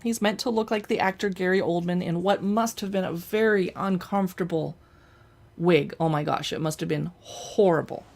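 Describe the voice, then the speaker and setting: A woman's voice: on the low side, moderate pace, gravelly, a little mellow. Woman, chatty show-and-tell host, playful, indoor home setup. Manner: chatty, playful, talks while handling items. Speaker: host showing books and collectibles. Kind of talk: casual show-and-tell chat. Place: indoors at home in front of a backdrop.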